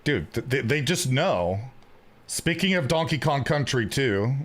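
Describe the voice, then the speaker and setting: A man's voice: medium pitch, animated, unhurried. A man, chatting casually while streaming a card game, joking and often repeating his words as he thinks aloud. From Canada. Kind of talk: casual gameplay commentary.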